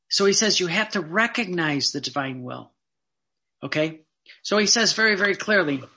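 A man's voice: high voice, sharp tone. A man giving a Catholic sermon, reading devotional passages aloud and explaining them in plain, earnest asides. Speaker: Catholic preacher.

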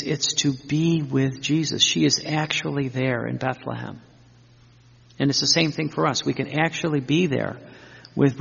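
A man gives an earnest sermon, circling back over his words and piling up long devoted lists. His voice is heavily gravelly and husky at a middling pitch. The sound is dull and lo-fi, with a long hall reverb trailing behind it. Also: fairly bright tone. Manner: earnest, repetitive, with restarts and fervent lists. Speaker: preacher.

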